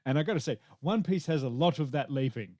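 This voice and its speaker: A man hosting a podcast, chatting casually about a show with lively, joking asides and the odd swear word. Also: medium pitch, fast talker, dry recording. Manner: animated, swearing, self-mocking asides. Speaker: podcast host. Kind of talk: casual review chat.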